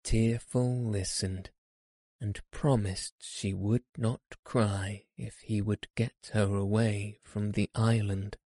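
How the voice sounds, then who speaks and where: A man reading a children's story aloud in a gentle, measured way. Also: lowish voice, flat delivery, no echo, clean studio sound.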